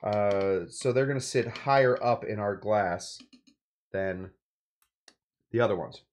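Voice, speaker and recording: A man's voice: fairly low pitch, slow. Rambling, jokey male cocktail host. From California. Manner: rambling, jokey, playful asides. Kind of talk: casual cocktail-making demo.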